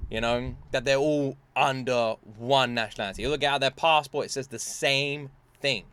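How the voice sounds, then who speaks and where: A man's voice: mid-range voice, fairly bright tone. A British man giving casual reaction commentary as a video host, earnest and rambling, with many fillers and restarts. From Britain.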